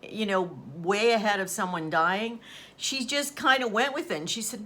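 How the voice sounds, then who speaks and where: A woman's voice: medium pitch, moderate pace, bright, forceful tone. A woman host chatting casually as she retells a story, acting out quoted dialogue along the way. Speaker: channel host.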